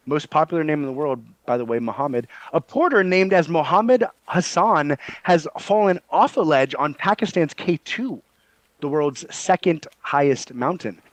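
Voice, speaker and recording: Excitable podcast host, dry sound. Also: male voice, on the high side, measured pace, dry recording, poor audio. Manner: excitable, swears casually. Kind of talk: casual comedic chat, reading news aloud.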